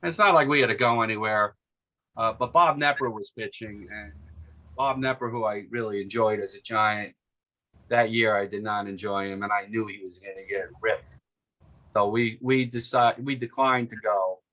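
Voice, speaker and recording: A man in his sixties with a New York accent, spinning a long anecdote full of restarts and asides. His voice sits low with a bright, forceful edge. The recording is dull and lo-fi. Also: fairly even intonation, normal speed. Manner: rambling anecdotal storytelling, many fillers and restarts. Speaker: author and guest. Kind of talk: storytelling in an interview. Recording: muffled lo-fi audio.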